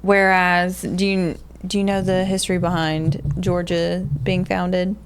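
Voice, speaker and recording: A woman's voice: on the low side, level tone, unhurried, background noise. A woman with a Southern US accent co-hosting a casual podcast, reading facts aloud and laughing often. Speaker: podcast co-host. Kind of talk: casual chat.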